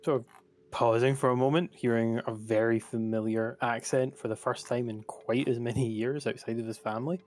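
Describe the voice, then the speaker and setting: A man's voice: medium pitch, fairly even intonation, a little fast, darkish tone. Man playing his character at the table. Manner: describes his character's actions in third person. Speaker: player.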